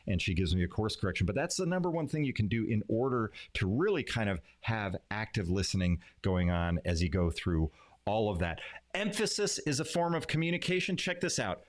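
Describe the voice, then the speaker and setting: A man teaching communication skills in a live-streamed lesson, who varies his pauses, loudness and emphasis for effect. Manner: animated, plays with pauses, pitch and emphasis. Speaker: leadership and communication coach. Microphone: streaming setup.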